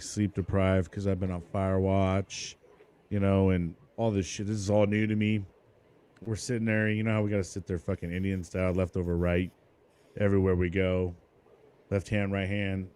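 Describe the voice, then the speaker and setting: Profane Marine veteran host telling stories. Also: male voice, lowish voice, smooth. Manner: profane, animated storyteller acting out quotes. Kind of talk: casual podcast chat.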